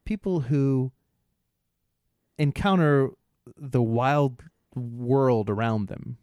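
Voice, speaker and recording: A man co-hosting a podcast, telling a rambling story in casual chat, halting often, laughing, and imitating bystanders' voices. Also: mid-range voice, darkish tone, clean tone, dry recording. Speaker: podcast co-host.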